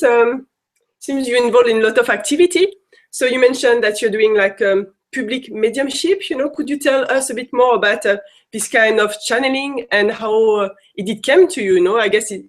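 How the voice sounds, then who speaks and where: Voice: mid-range voice, moderate pace. An interviewer asking questions hesitantly, with many fillers and restarts.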